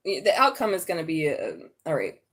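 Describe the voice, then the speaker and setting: A woman's voice: sits low, sing-song, moderate pace, fairly bright tone. A woman doing a live tarot reading, chatty and blunt, swearing and laughing as she talks. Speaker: tarot reader.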